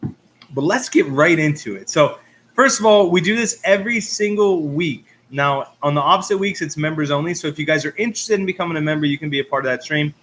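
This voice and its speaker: A man with a slightly raised, fairly high speaking voice hosts a relaxed live stream. He chats along, reads out viewer comments, and laughs at himself between loose filler words. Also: brisk, a little hiss or hum. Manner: chatty, reads out viewer comments and greets them. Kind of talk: casual live-stream chat.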